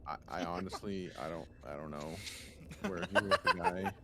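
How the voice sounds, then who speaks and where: A man's voice: low voice, wildly swooping pitch, moderate pace, creaky. A man playing a tabletop game, talking in a hesitant, stumbling way. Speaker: player. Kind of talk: casual tabletop game play. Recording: noisy recording.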